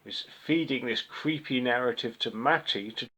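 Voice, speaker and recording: A man's voice: medium pitch, moderate pace, pushed and bright, slightly rough, dull audio. A man giving a ranting monologue review of a record, angry, profane and sarcastic. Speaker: music reviewer. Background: faint music from the record being reviewed.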